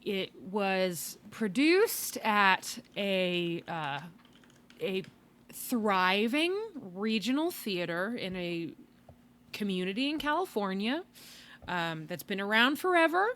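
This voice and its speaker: A woman's voice: mid-range voice, very animated, takes it slowly, a bit bright. A woman hosting a podcast in casual chat, tired, wry and rambling, with sighs and laughs. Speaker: podcast host.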